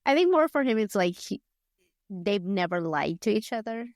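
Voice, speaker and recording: A podcast co-host chats casually about a book in a rambling, filler-heavy retelling, acting out characters' lines in quotes. Her medium-pitched, darkish voice swings widely in pitch at normal speed, recorded in studio quality with no echo.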